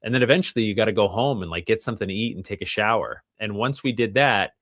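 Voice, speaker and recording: A man's voice: lowish voice, fast talker, a bit bright. A middle-aged man, a guest author, chatting casually on a podcast and often laughing as he talks.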